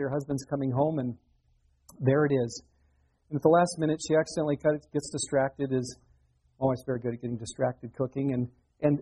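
A man's voice: mid-range voice, warm tone, husky, rough recording. A middle-aged male pastor preaching a sermon in a conversational way, with rhetorical questions to his listeners.

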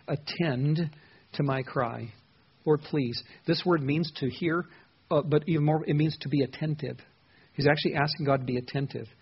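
A man's voice: mid-range voice, slightly rough. A man preaching an expository sermon in a conversational, earnest way, asking his listeners questions as he teaches. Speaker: pastor. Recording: dull lo-fi sound.

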